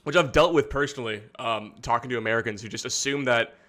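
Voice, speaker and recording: A man's voice: medium pitch, fast, pushed and bright. A man hosting a livestream from his studio, talking in a rambling, exasperated way with plenty of swearing. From Canada. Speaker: streamer host. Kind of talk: casual livestream commentary.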